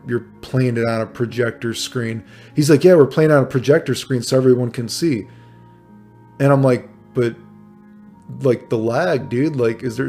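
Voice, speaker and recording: A man casually telling an old tournament story, swearing a lot and padding it with "dude" and "right?". He acts out the exchanges in exasperated, raised bursts. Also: mid-range voice. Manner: profane, animated, full of fillers like "dude" and "right?". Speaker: fighting game player telling tournament stories.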